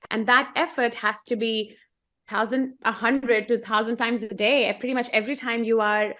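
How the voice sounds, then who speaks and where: A woman's voice: a little high, fairly bright tone. A woman co-hosting a casual coaching chat, explaining in an earnest way and repeating phrases for emphasis. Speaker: co-host.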